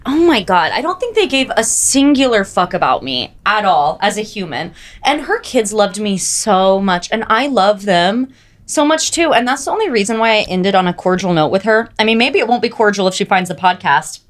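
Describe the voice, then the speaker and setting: A young woman co-hosting a podcast, telling stories in animated casual chat, full of "like" and "oh my God". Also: medium pitch, moderate pace. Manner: animated storytelling, frequent "like" and "oh my God". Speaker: podcast co-host.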